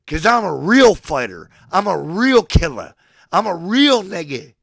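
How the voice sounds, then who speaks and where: A man's voice: high-pitched, sing-song, unhurried, creaky, a bit bright, no echo, studio quality. A man in his forties ranting at a live chat like a mock sermon, swinging between profane, boastful threats and declarations of affection. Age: 40s. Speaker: livestreamer addressing his chat.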